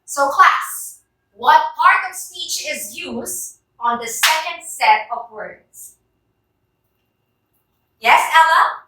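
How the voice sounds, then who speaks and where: A woman's voice: high voice, lively intonation, extremely slow, long pauses, pushed and bright, slight background noise. A woman with a Filipino accent teaching a classroom lesson, encouraging her students and drilling words aloud with them. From Philippines. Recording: roomy echo, voice from far off.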